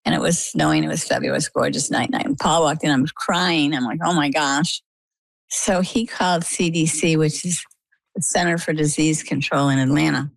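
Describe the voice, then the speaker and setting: An older woman from Maine, a guest telling her own story in a chatty, lively way. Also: sits low, vocal fry, no echo. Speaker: interview guest. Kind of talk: casual storytelling.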